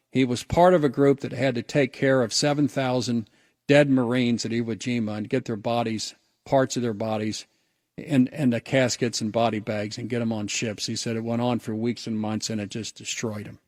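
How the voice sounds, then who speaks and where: A man hosts a radio show and tells a personal story in an earnest, reflective manner, stumbling and restarting as he goes. His voice sits at an ordinary middle pitch. The studio sound is dry and close. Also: fairly even intonation, normal speed, darkish tone, no room sound. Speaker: radio host.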